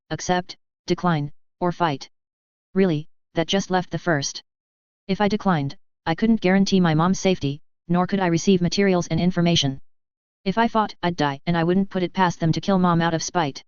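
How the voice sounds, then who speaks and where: A woman reading a story aloud in steady first-person narration. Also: fairly low pitch, clear, resonant tone, dry recording, muffled recording. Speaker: reader. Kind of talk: audiobook reading of fan fiction.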